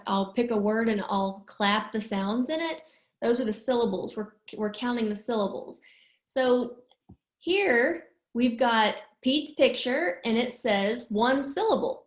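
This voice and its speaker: In a reverberant space, a woman whose voice is a little high teaches young children slowly and clearly. Her manner is patient and sing-song, and she stretches out every word while clapping it.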